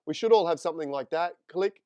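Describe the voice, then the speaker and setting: A man's voice: on the high side, fast talker, darkish tone, no echo. A man teaching photo editing in a live screen-share tutorial, chatting with viewers as he works. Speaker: photography instructor.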